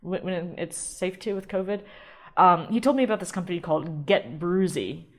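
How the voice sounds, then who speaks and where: A woman hosts a casual solo podcast, talking in a chatty, rambling way, interrupting herself, restarting, and filling in with frequent ums and laughs. Her voice is fairly low in pitch and her pace is moderate.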